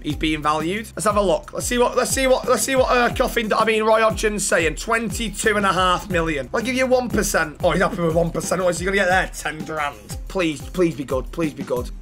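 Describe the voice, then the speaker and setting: A man giving chatty, excitable gaming commentary, bantering with the characters in the game. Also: sits high. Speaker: gaming YouTuber.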